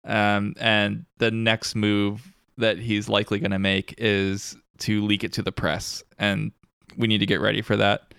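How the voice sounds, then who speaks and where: Low gravelly-voiced man, smooth and dry. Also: monotone, a little slow, fairly bright tone, no echo. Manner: laid-back, laughs often, summarizes scenes. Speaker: podcast co-host recapping an episode. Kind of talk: casual chat.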